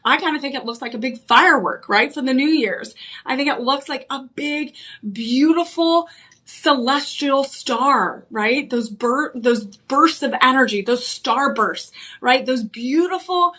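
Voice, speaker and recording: A woman hosting a live home shopping show, pitching a ring with enthusiasm and repeating the key selling points. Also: pushed and bright.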